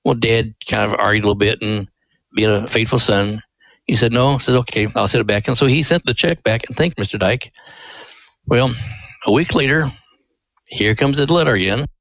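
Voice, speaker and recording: A man, the director of a ministry, telling its founding story in a radio interview, earnest and lively with quoted voices. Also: mid-range voice, moderate pace, creaky, long pauses, no echo, lo-fi sound.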